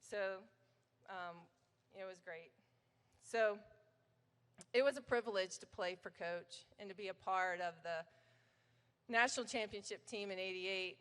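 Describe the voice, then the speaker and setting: A woman's voice: medium pitch, fairly bright tone. Middle-aged woman, acceptance speech, anecdotal and chatty, reverberant banquet hall, podium mic. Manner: chatty, anecdotal, quotes her coach in his voice. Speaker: hall of fame inductee giving acceptance speech.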